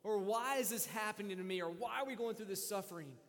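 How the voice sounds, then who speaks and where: Impassioned high-voiced male preacher. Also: fast, big-room sound. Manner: impassioned, swings from hushed to loud. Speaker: pastor. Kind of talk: sermon.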